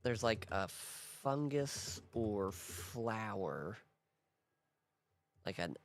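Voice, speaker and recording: A man's voice: lowish voice, lively intonation, extremely slow. A man hosting a casual worldbuilding talk, thinking aloud in a rambling way with restarts and small laughs. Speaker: host.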